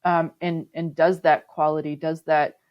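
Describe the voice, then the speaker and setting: A woman's voice: sits low, flat delivery, a little slow, dull audio. A woman guest on a podcast interview, explaining her work thoughtfully with frequent ums and restarts. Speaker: sustainability manager, podcast guest. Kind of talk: conversational interview.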